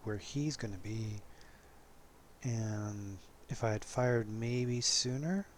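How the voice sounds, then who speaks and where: A man giving relaxed, casual commentary over his own gameplay footage, chuckling often and poking fun at himself. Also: fairly low pitch, slow pace, slight background noise.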